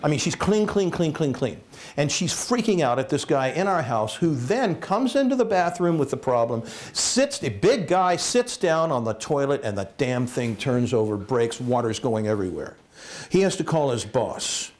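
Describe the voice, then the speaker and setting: A man giving a comic storytelling talk as guest speaker at a college, animated and jokey, acting out voices. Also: medium pitch, moderate pace. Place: lecture hall at a college.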